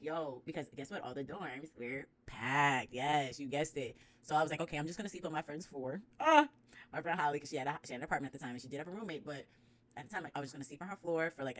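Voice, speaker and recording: A young woman from New York with a New York accent, telling a faith story to her viewers in animated, slangy talk with loud bursts of praise. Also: low voice. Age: young adult. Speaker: vlogger. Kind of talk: casual storytelling to camera.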